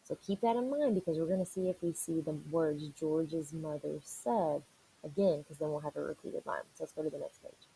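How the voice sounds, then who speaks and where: Woman teacher, picture-book read-aloud: encouraging, asks the kids questions, dark mellow tone. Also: low voice, fast, creaky, few pauses, slight background noise, poor audio. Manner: encouraging, asks and answers questions for young listeners.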